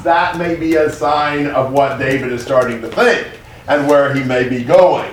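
A man's voice: on the high side, unhurried, a little hiss or hum. Man leading a Bible study, echoey. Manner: conversational, many fillers, paraphrasing scripture. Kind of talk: casual Bible study discussion. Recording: echoey room, far from mic.

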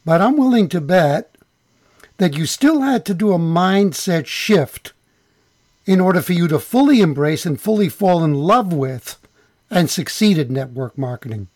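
A man's voice: high voice, animated, unhurried, a little mellow, no room sound. A man hosting an interview, asking enthusiastic, leading questions. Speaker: host.

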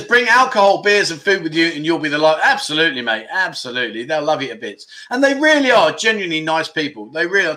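Man, middle-aged, livestream host, casual chat, animated, bright forceful tone. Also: a little high. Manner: animated and exclamatory, with loud catchphrases. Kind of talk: casual chat reading viewer comments.

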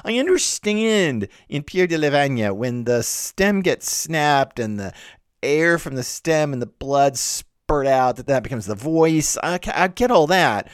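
A man lectures on a text with animated, incredulous energy. He fires off rhetorical questions, his pitch swinging widely from low asides to high exclaims. The sound is dry and close, with no room around it. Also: measured pace, clear, resonant tone, no room sound. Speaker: literature lecturer. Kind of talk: explanatory lecture.

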